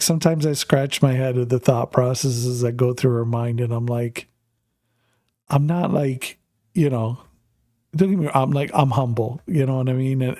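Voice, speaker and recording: A man's voice: medium pitch, mellow, dry recording, clean studio sound. A middle-aged Canadian man, a streamer, telling a rambling family story with lots of fillers while gaming.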